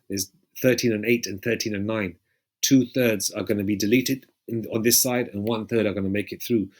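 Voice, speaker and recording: A man preaching in a loose, rambling way, often pausing to check in with his listeners and swearing freely. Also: on the low side. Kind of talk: casual street-style preaching with scripture readings.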